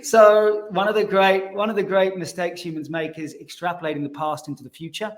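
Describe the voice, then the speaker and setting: A man from South Africa with a fairly high voice talks as a podcast guest. He explains financial ideas in loose, casual chat, often repeating a word as he restarts and chuckling along the way. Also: a little fast.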